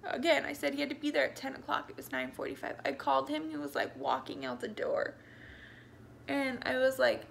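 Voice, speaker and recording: A woman's voice: sits high, creaky, a bit bright, a little hiss or hum. A young woman telling her birth story in a casual, rambling way, with many ums and likes, at times tearful. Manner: rambling, full of ums and likes, backtracks often. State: tearful, voice breaking.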